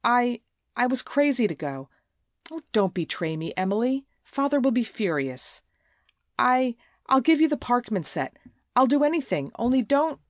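A woman's voice: mid-range voice, very animated, a little slow, no room sound, studio quality, pitched above the performer's own voice. A woman voicing a crafty, whining teenage schoolgirl who pleads and stammers tearfully in a storybook reading. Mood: pleading.

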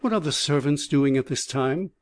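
A man's voice: a little high, expressive, normal speed, dry recording, lightly acted. A man voicing a polite, direct young English lady asking questions. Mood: inquiring. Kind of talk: audiobook character voice.

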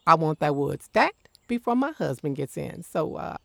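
An actress playing a guarded, sharp-tongued woman who lives alone in the woods, curt and commanding with a dry wit. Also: sits low, very animated, moderate pace, gravelly, no echo, full character voice. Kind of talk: radio drama acting.

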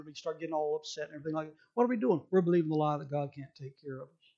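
A man's voice: fairly high pitch, racing, mellow, highs cut off. A male pastor preaching a sermon emphatically, acting out people's excuses in quoted voices.

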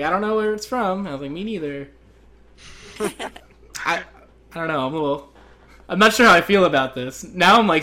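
A man's voice: fairly high pitch, sharp tone. A man with an Arizonan accent, co-hosting a casual gaming chat, rambling and laughing at himself. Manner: rambling, self-deprecating, laughs often.

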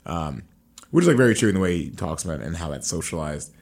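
A man's voice: low-pitched, expressive, fast talker, vocal fry, darkish tone. A man co-hosting a podcast, talking through a film in a thoughtful, analytical way. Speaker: podcast co-host. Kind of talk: casual chat.

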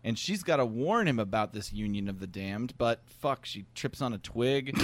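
A man's voice: medium pitch, animated, moderate pace. Casual man recapping a show. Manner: recaps episode plot, swears casually. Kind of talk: casual chat.

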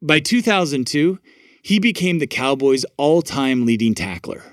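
A man hosting an interview and reading scripted narration in a measured, steady way. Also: a little high, no room sound, clean studio sound. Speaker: host and narrator.

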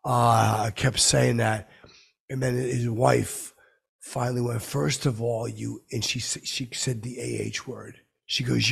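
A man's voice: mid-range voice, fairly even intonation, a little slow, gravelly, husky. A man hosting a comedy podcast, telling a rambling, boastful story as a clueless character.

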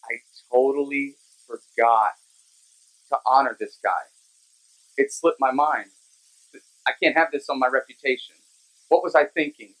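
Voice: mid-range voice, fairly even intonation, a little slow, pauses often, fairly bright tone, voice pushed down, rough recording. A vain, forgetful ancient king, put on by a preacher in the middle of a sermon. He talks in breezy modern slang and gets carried away with his own reputation. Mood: dismayed. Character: boastful sleepless ancient king, forgetful and impulsive. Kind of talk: sermon storytelling.

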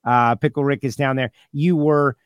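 A man hosting a casual racing talk show, animated and chatty, acting out quotes and using lots of "like". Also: mid-range voice, moderate pace, clear, resonant tone, no room sound, clean studio sound. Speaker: host. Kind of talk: casual radio show chat.

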